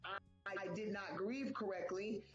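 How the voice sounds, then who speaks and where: Animated woman in an echoey room. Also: mid-range voice, measured pace. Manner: animated, acts out quotes. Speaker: co-host. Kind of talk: casual talk on grief. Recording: echoey room, dull sound, faint music.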